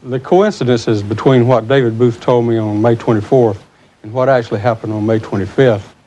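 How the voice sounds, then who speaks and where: Man, mid pitch, mellow tone, careful interview testimony, dull lo-fi sound, faint noise. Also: fairly even intonation. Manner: careful, with "uh" pauses. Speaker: aviation official.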